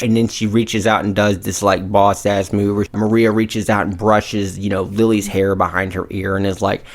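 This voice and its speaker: A man co-hosting a podcast who retells a movie's plot in a casual, profane and animated way. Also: on the low side, normal speed, hardly any pauses. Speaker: podcast co-host.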